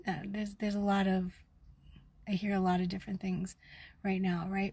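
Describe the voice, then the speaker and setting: A middle-aged woman in a raw spiritual vlog, angry and seething, talking fast and intensely, swearing, sometimes dropping to a whisper. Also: mid-range voice, level tone, a little mellow. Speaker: vlogger.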